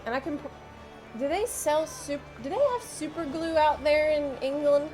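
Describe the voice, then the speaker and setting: A woman's voice: high voice, moderate pace, a little mellow, faint music behind. A woman streamer chatting casually with her viewers, rambling and often cutting herself off mid-sentence. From United States. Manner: chatty, rambling, self-interrupting.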